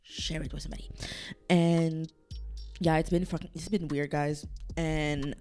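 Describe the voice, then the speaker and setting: A woman's voice: flat delivery, unhurried, darkish tone, clear, resonant tone, faint music behind. A young woman hosting her own podcast, chatting casually and emotionally, teary from crying, rambling and laughing. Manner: emotional, rambling, laughing, breaks into high squeals. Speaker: podcast host. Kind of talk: casual solo podcast chat. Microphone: camera set-up, seen on video.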